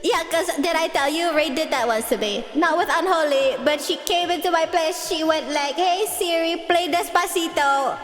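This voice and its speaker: A woman's voice: high-pitched, moderate pace, few pauses, fairly bright tone. A woman livestreamer chatting in a giggly, playful, teasing way, her voice run through an added reverb effect. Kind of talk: casual stream chat. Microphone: close streaming mic. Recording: heavy reverb, long echo tail. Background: faint background music.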